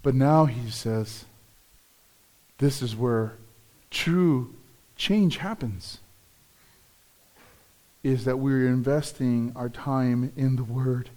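A man's voice: mid-range voice, very slow, pauses often, mellow. A man preaching a sermon as pastor, earnest and repeating key phrases for emphasis.

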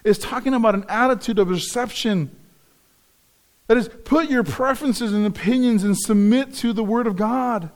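A man's voice: extremely high pitch, normal speed. A man preaching a sermon as pastor, earnest and repeating key phrases for emphasis.

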